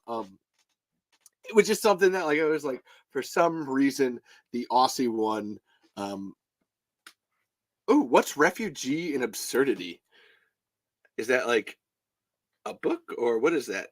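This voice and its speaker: A man's voice: mid-range voice, very animated, a little slow, pauses often. An American man hosting a podcast in casual chat, rambling with restarts, swearing and laughing often. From United States. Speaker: podcast host.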